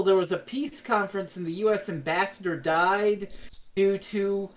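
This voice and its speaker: A woman co-hosting a casual review podcast, retelling scenes in an animated way and swearing freely. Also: fairly low pitch, moderate pace. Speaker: podcast co-host.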